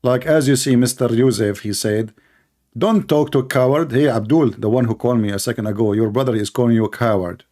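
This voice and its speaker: A man's voice: lowish voice, steady tone, fast talker, few pauses, mellow. A man hosting a confrontational call-in debate, speaking in a sarcastic, taunting way. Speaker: debate show host.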